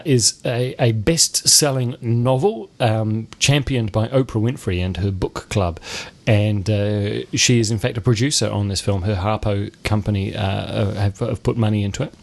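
A man's voice: on the low side, creaky. A man hosting a casual film review chat, wry and rambling, with frequent restarts. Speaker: film review show host.

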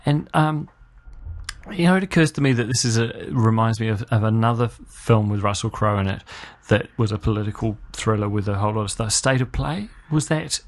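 A man's voice: fairly low pitch, a little fast. Dry-humored man reviewing films. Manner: dry, sardonic, hesitant with fillers. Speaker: film review podcast co-host. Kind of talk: casual chat.

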